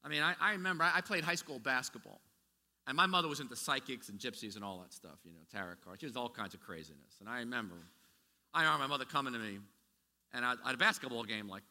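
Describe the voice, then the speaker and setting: A man's voice: medium pitch, fast, sharp tone. A man preaching a sermon as pastor, talking in a conversational way with many restarts and asides. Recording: echoey hall with long reverb.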